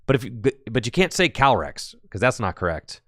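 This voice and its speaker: A man's voice: medium pitch, very animated, quick pace, fairly bright tone, no echo, studio quality. A man casually commentating a card game tournament stream, rambling with jokey asides and answering chat.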